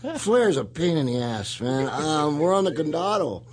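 A man's voice: a little high, sing-song, moderate pace, crowd noise. A man hosting a casual talk show, telling rambling stories and laughing often. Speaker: podcast host and retired wrestler. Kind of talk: casual chat.

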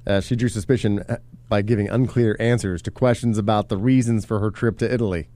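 Male co-host, low-pitched, dry wit, loose banter. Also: steady tone, fast, warm tone. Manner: dry, wisecracking. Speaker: radio show co-host. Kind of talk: casual joking chat.

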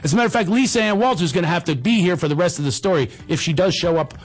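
A middle-aged man hosting a talk show, telling a comic story in an animated, jokey way. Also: sits high, very fast. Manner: animated, jokey storyteller who acts out the voices. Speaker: host.

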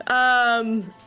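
A woman's voice: on the high side, sharp tone. A woman on a casual podcast, giggly and flustered. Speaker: podcast guest analyst.

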